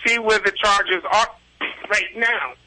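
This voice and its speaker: A man, a reverend and animal communicator, telling animated stories as a radio guest over a phone line. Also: sits high, measured pace, a little hiss or hum. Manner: animated storyteller, laughs often.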